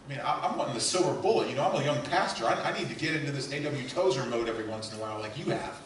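A male pastor preaching a sermon, swinging between loud emphatic lines and quiet hushed asides. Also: medium pitch, animated, very fast, a little hiss or hum. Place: church sanctuary. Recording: echoey church hall heard from a distance.

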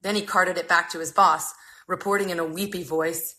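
A woman's voice: lowish voice, steady tone, moderate pace, pushed and bright, poor audio. A woman in her thirties reading a humorous memoir aloud on a phone livestream, with a wry, dry comic delivery. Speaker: reader. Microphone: phone mic.

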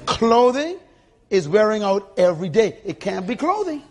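An older man preaching a sermon to a church congregation with a husky voice, emphatic and calling for responses. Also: high voice, sing-song, moderate pace, a little mellow, a little hiss or hum. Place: church sanctuary.

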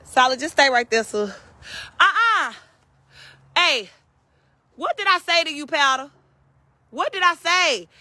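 A woman's voice: sits high, animated, a little slow, long pauses, pushed and bright, no room sound. A woman calling and scolding her farm animals outdoors, as if they were naughty kids. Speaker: vlogger. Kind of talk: casual chat while calling farm animals.

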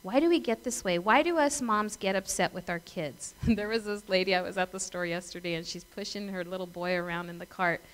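A woman's voice: mid-range voice, a little fast, few pauses, rough recording. A middle-aged woman pastor giving a conversational sermon, telling stories, laughing and asking her congregation questions. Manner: chatty storytelling, asks the congregation questions.

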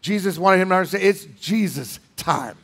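A pastor preaching in a church, emphatic, with dramatic swings between loud lines and hushed ones. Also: male voice, high-pitched, animated, normal speed, gravelly, breathy edge. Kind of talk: sermon. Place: church sanctuary.

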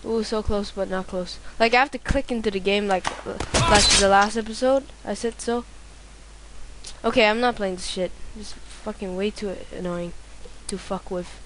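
A woman doing let's play commentary, excitable, swearing a lot and yelling at the game. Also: medium pitch, moderate pace, background noise. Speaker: gameplay commentator.

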